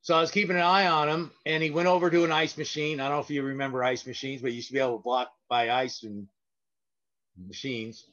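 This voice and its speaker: A man's voice: medium pitch, steady tone, fast talker, fairly bright tone, highs cut off. A man, a parking lot sweeper and guest, telling stories in a casual, rambling way with many fillers and restarts. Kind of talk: casual anecdotal storytelling.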